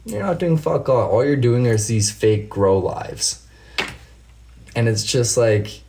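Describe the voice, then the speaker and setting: A man's voice: fairly low pitch, darkish tone. A man hosting a casual livestream, answering viewers' comments by name and launching into heated, profane rants. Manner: talks straight to viewers by name. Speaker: livestream host.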